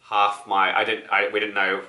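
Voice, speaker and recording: Low-voiced New man with a slightly sick voice. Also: monotone, normal speed, sharp tone. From New Zealand. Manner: rambling, many ums and restarts. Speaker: record-collecting vlogger. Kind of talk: casual vlog to camera. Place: apartment. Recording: echoey room.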